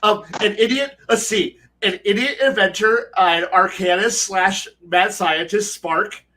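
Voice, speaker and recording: During a dungeon master podcast, a man talks in a high, pushed, bright voice at a measured pace. The conversation is casual, and his rambling remarks come with profanity and many false starts.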